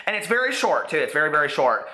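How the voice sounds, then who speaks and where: A man in his thirties talks casually about books, gushing, with constant "like"s. His voice is very bright and a little high. The room around him has a noticeable echo. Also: big pitch swings, fast talker. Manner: chatty, gushing, many "like"s. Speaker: booktube host. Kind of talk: casual book review vlog. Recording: echoey room.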